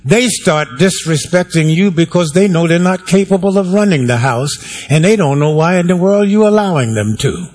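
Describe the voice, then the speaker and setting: Male pastor mid-sermon in a church, slightly high voice, wry and chatty with the pews. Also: animated, moderate pace, few pauses, darkish tone. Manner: preaching to a congregation, conversational and wry, calling for amens. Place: church sanctuary.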